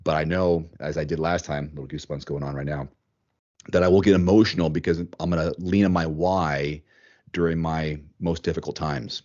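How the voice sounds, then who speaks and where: A man hosting a podcast in casual chat, animated, thinking aloud and repeating words as he goes. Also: very deep voice, moderate pace, dull audio. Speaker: podcast host.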